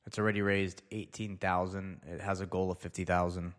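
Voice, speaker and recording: A young man with a notably deep, low voice hosts a casual solo show. He rambles loosely, muttering to himself as he reads through each item. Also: flat delivery, a little fast. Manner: loose, rambling, talks to himself while reading. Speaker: podcast host.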